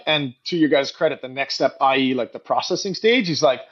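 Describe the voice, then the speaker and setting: A middle-aged man telling stories in a casual podcast interview, animated and quick to act out what others said. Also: mid-range voice, slightly rough, muffled recording. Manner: animated storyteller, acts out quoted voices, frequent "like". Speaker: guest, company co-founder and CEO.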